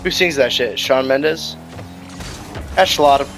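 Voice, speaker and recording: A man streaming ranked gameplay, commenting live and trash-talking with sudden shouts. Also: mid-range voice, a little slow, soft background music.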